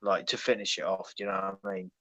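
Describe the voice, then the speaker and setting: A man's voice: low-pitched, steady tone, quick pace, sharp tone, no room sound. A man talking casually on a livestream call, laid-back and profane. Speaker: guest. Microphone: call microphone.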